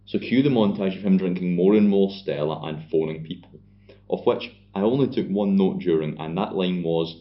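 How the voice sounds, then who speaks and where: Deep-voiced man, sardonic recap. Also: normal speed. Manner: sardonic, sweary plot recapping. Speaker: podcast co-host. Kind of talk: casual film recap chat. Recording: dull lo-fi podcast audio.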